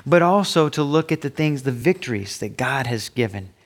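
A man's voice: animated, normal speed. Emphatic male preacher. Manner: emphatic preaching, pitch rising sharply on quoted asides. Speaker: pastor. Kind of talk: sermon.

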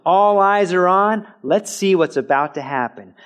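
A man preaching in a church sanctuary, teaching in a conversational way and breaking into loud shouted quotes now and then. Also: high voice, a little slow. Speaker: pastor. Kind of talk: sermon. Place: church sanctuary with a mic system.

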